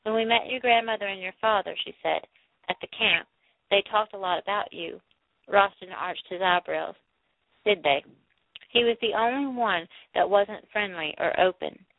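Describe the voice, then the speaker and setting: A woman's voice: mid-range voice, normal speed, creaky, no echo. A woman narrating a novel aloud, giving the speakers light voices of their own, with a few small slips along the way. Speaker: audiobook narrator. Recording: dry, tinny phone-like sound.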